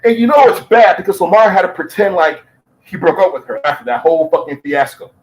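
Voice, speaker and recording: A man's voice: high-pitched, expressive, brisk, poor audio. A man giving heated commentary, swearing constantly and repeating his points. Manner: profane, heated, repetitive. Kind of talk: ranting commentary.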